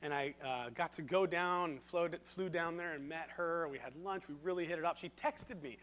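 A man with a notably high voice delivers a sermon as pastor. He tells stories animatedly and pokes fun at himself before moving to the point. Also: normal speed. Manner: self-deprecating, animated storyteller. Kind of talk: sermon with humorous storytelling.

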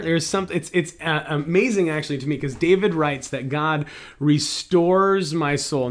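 A man preaching a sermon, reflective, mixing scripture with a family story and rhetorical questions to the congregation. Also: fairly high pitch. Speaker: pastor.

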